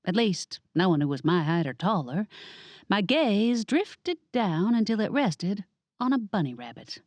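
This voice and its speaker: A woman's voice: medium pitch, very animated, a little slow, darkish tone, no room sound. A woman narrating a cozy audiobook in first person, wry and conversational.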